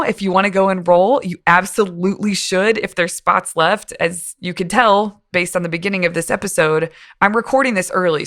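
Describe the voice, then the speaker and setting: Low-voiced woman hosting a podcast. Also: fairly bright tone. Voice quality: slightly rough morning voice. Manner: upbeat, encouraging, coaching tone. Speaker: podcast host. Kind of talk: casual solo podcast talk. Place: home, early morning.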